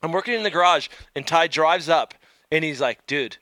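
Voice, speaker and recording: A man's voice: fairly high pitch, a little fast, dry recording. A man telling a story in casual chat, acting out the people he quotes. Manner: animated, acts out quotes in story. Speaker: podcast host.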